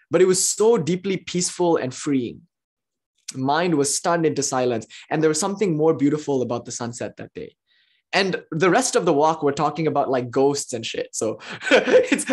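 An enthusiastic spiritual teacher lectures on philosophy in a lively, storytelling way. The voice leaps up in excitement, then drops into quiet, hushed asides, with frequent laughs. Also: mid-range voice, slightly rough. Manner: swings between excited exclamations and hushed asides.

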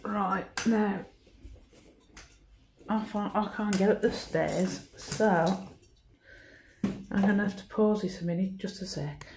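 A woman's voice: mid-range voice, fairly even intonation, darkish tone, slight background noise. A woman giving a chatty house tour on her phone, admiring each room, often out of breath. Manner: chatty, admiring, slow, pausing with ums. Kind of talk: casual house tour narration.

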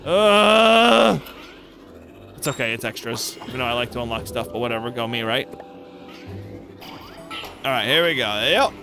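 A young man hosting a let's play, goofy and excitable, joking and yelping at the game. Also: mid-range voice, brisk, pauses often. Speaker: gaming channel host. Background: game music.

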